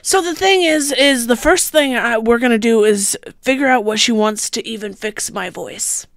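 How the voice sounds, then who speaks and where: A woman's voice: fairly high pitch, normal speed, no echo, studio quality. A woman player chatting casually at a tabletop game, laughing often and restarting her sentences.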